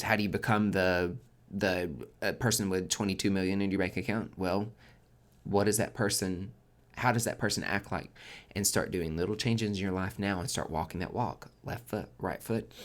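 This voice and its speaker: A man hosting a casual tarot forecast, chatty and expressive, swearing freely and swinging between loud emphasis and soft near-whispers. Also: deep voice, normal speed. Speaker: tarot reader and podcast host.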